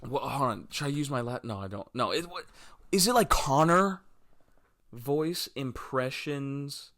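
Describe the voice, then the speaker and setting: A man's voice: mid-range voice, expressive, a little slow, a bit bright. Rambling, jokey young man. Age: 20s. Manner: rambling, jokey, swears freely, drifts between topics. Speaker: podcast host. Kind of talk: casual solo podcast chat.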